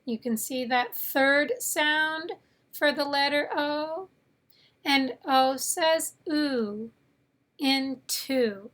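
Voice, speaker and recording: A woman teaching English phonics, sounding out letters slowly and prompting the learner to repeat each sound. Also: sits high, bright, forceful tone. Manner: slow, deliberate, drills sounds and asks the learner to repeat. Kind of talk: phonics lesson.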